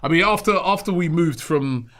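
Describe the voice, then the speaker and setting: A man's voice: on the high side, moderate pace. A man hosting a casual football chat, telling stories with animation and frequent laughs. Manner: animated storyteller, laughs often. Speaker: host of a football fan channel.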